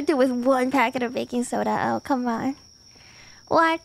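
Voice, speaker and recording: Swearing freely, a young adult woman talks in a playful, animated and casual way as she streams a game. She speaks at a moderate pace in a high-pitched voice.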